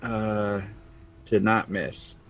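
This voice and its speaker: A man's voice: on the low side, flat delivery, drawn-out words, fairly bright tone, soft background music. A man playing a tabletop game, talking hesitantly and laughing between his moves. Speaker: player. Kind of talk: casual tabletop play.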